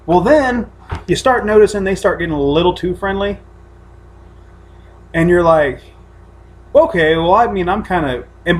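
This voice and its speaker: A man co-hosting a casual podcast from home, telling stories in a rambling, profane way with many restarts. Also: high voice. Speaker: podcast co-host. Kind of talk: casual chat.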